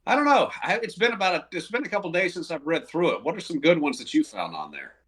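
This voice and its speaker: A paramedic guest chatting in an easygoing, wry way during a podcast conversation. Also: male voice, on the high side, very animated, quick pace, fairly bright tone, recorded from a distance. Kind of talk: casual chat.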